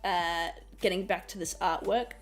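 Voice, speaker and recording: A woman's voice: on the low side, fairly even intonation, normal speed, faint music behind. A woman from Australia. She streams and chats casually while explaining her digital painting, giggling and repeating phrases, a bit under the weather and coughing. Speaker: streamer and artist.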